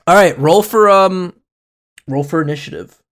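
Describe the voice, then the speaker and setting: A man's voice: high-pitched, measured pace, fairly bright tone. A man narrating as game master of a comedic tabletop game, rambling and playful.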